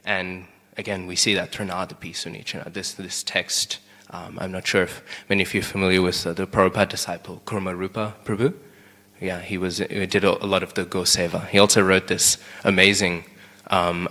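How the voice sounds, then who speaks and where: Young man, low bright voice, casual scripture class, reverberant temple hall. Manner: conversational, keeps asking "right?". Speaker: class speaker.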